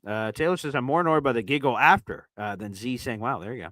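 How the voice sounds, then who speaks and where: A mid-range, expressive man talks fast while reading super chats on his casual sports stream. Chatty and loose, he leans on fillers and shifts from loud to mumbling. The recording is dry and the audio poor.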